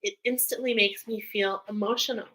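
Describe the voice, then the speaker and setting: A woman's voice: medium pitch, fairly even intonation, moderate pace, fairly bright tone, poor audio. A woman giving an intuitive spiritual reading to her viewers, rambling with many fillers and getting emotional as she speaks. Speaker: spiritual card reader.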